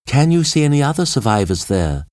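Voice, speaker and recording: A man voicing a young woman reporter who survived a crash, speaking quickly and alertly in a storybook reading. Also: medium pitch, big pitch swings, darkish tone, no echo, clean studio sound, voice pushed up.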